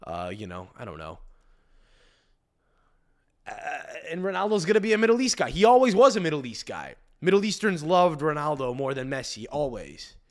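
A man's voice: on the high side, wildly swooping pitch, moderate pace. Rambling, foul-mouthed male podcast host. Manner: rambling, profane, many restarts and fillers. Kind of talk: comedic podcast rant.

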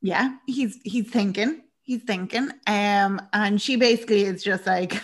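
A woman's voice: mid-range voice, unhurried. A young woman chatting casually as a podcast co-host, telling a film's story with lots of laughs and acted-out lines. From Ireland. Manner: chatty and animated, laughing often, acting out characters' lines. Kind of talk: casual chat recapping a film.

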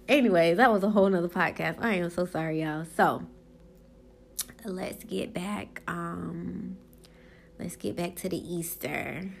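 A young woman hosting her own podcast, rambling in a casual, animated way, swearing and acting out quotes as she tells stories. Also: mid-range voice, a little slow, creaky, a little hiss or hum. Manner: animated storytelling, swears, laughs, acts out quotes. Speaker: podcast host.

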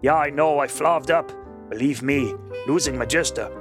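A man's voice: mid-range voice, normal speed, over music, natural voice. A man voicing a laid-back, tough male space outlaw who drawls casually. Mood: defiant.

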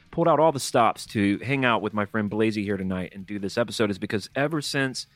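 A man's voice: lowish voice, fairly bright tone, dry recording. A man hosting a podcast in casual, rambling chat, full of fillers and jokes. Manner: rambling, filler-heavy and jokey. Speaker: podcast host.

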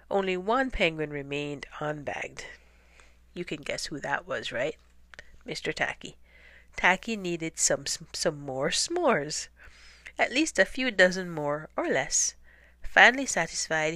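A woman reads a children's picture book aloud in a soft, half-whispered voice. Her pace is very slow and her tone is bright and clear. The recording is close and dry, with no room around it. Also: on the low side, no room sound. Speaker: storybook reader. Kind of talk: children's story read-aloud.

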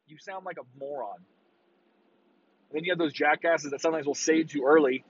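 A man ranting casually on a podcast, swearing freely and breaking into loud mocking impressions of fans. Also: fairly high pitch, steady tone, fast, highs cut off, a little hiss or hum. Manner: profane, exasperated ranting with mocking shouted impressions. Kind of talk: casual rant.

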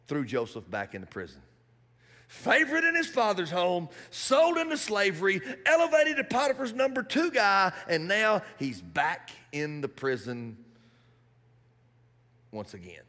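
A man preaching a sermon in a church hall, animated and building to shouts. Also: high voice, measured pace.

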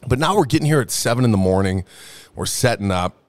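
A man's voice: medium pitch, expressive, quick pace. A young man hosting a casual comedic talk show, rambling and swearing a lot while tipsy from drinking. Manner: profane, rambling, jokey. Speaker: podcast host.

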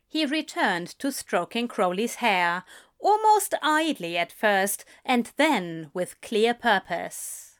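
A woman reading a story aloud, narrating in an unhurried, expressive way. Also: fairly high pitch. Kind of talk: reading fan fiction aloud.

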